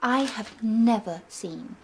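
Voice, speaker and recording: A woman's voice: a little high, takes it slowly, noisy background. An actress playing a sardonic young woman doctor with a dry, mocking manner. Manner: sarcastic, dry. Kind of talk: TV drama acting.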